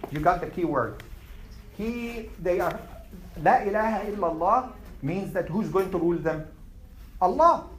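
A man's voice: high-pitched, expressive, a little slow, fairly bright tone, roomy sound, slight background noise, poor audio. A man teaching a class, asking questions and summarizing points in numbered lists. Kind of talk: classroom Q&A lesson.

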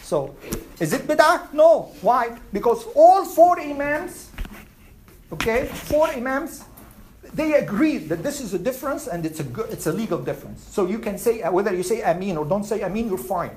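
A man's voice: high voice, very animated, moderate pace, darkish tone, slight background noise, low-quality recording. A man teaching a religious class in a conversational way, often putting questions to the room and repeating them. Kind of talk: classroom lecture.

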